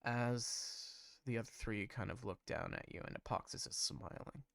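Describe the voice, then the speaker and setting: A man narrating a tabletop game as game master, unhurried and sometimes searching for words. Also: on the low side, vocal fry, fairly bright tone, no room sound, studio quality.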